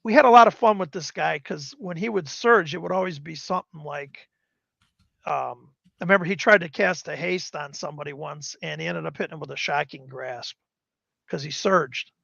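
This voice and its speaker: A high, gravelly voiced man in his fifties rambles through animated stories from years of tabletop gaming. The sound is dry and dull, like a lo-fi stream mic. He often slips into quick acted quotes of other players. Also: no echo. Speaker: guest gamer. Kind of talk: casual storytelling.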